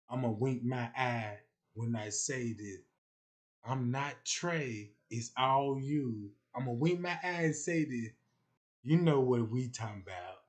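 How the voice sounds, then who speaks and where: A young man, rambling loosely on a casual livestream and acting out the voices he quotes. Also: mid-range voice.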